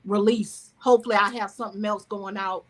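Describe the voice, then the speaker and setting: A screenwriter and singer with a Southern American accent is the guest in a relaxed interview, discussing her work loosely. Her medium-pitched voice runs a little fast with fairly even intonation. She rambles, restarts often and leans on "you know" between asides.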